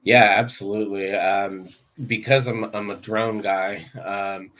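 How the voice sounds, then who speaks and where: A man with a fairly low voice chats on a podcast as a real estate agent. He sounds relaxed and matter-of-fact, with the odd "um" as he explains his work. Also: measured pace. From Florida. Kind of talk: casual podcast chat.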